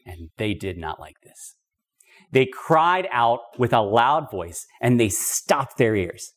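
A man's voice: medium pitch, sing-song, takes it slowly. Emphatic man teaching Bible study. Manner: emphatic, conversational, with casual asides. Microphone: podcast microphone.

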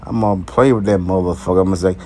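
A man delivering a raw, uncensored monologue to his viewers, brash, profane and animated, breaking into laughter. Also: deep voice, very fast, slight background noise. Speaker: vlogger.

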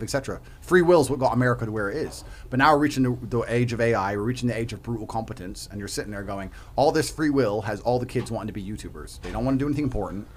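Fast-talking ranting man. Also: slight background noise. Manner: emphatic, ranting, profane, swings loud and high. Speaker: podcast guest. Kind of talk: heated casual debate.

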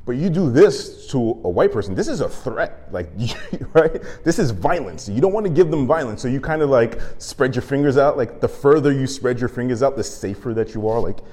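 A man hosting his own show, delivering a comic, impassioned rant full of profanity that swings from loud to muttered. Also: mid-range voice, expressive, moderate pace, hardly any pauses, in a large hall. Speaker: show host. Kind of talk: comedic monologue rant.

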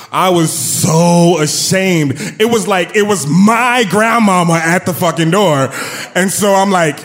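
A man tells a funny story from his own life, his voice sitting high and leaping up and down with every line. He talks in a loose, profane, self-mocking way. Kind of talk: comic personal storytelling.

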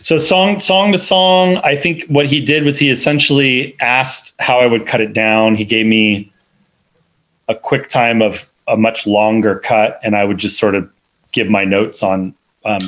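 A man's voice: mid-range voice, steady tone, measured pace, fairly bright tone, low-quality recording. A man, a film editor, talking casually in an interview, rambling with many fillers and restarts. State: parent of two little kids.

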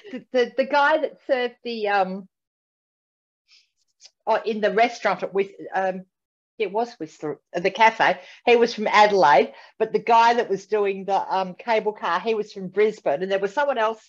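A woman with an Australian accent co-hosting a podcast, chatting casually, talking fast and laughing often. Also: mid-range voice, muffled recording. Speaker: podcast co-host. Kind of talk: casual chat.

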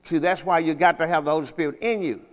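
A man with a notably high voice delivers a sermon, pressing each point with emphasis and frequent questions to his listeners. His voice rings out with a long reverb, as in a church hall. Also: steady tone, fast. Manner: emphatic, repeatedly checks understanding with questions. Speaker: pastor. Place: church service.

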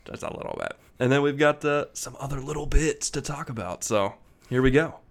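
A man co-hosting a casual podcast, telling a story in a relaxed way and laughing as he goes. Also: medium pitch, moderate pace. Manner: laid-back, laughs while telling stories. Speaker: podcast co-host.

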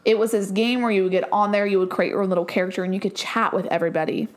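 Young woman host telling animated stories. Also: medium pitch, rapid-fire. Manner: animated, acts out quotes with laughter. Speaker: podcast host. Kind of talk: casual chat, storytelling.

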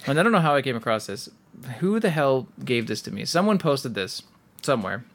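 Man from Canada, podcast co-host, casual chat, rambling, laughs a lot, mid pitch. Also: very animated, a little fast. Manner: chatty, laughing, rambling with fillers.

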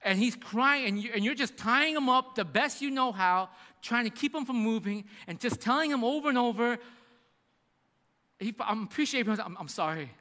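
High bright-voiced preacher man in a hall. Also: normal speed. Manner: animated storytelling, acting out voices in quotes. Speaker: pastor. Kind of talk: sermon. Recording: reverberant hall.

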